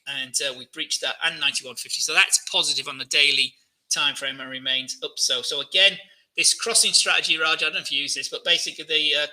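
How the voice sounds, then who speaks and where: A man's voice: fairly high pitch, pushed and bright, low-quality recording. A man hosting a live trading Q&A, talking through charts in a chatty way, full of fillers and questions to his viewers. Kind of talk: live-stream market commentary.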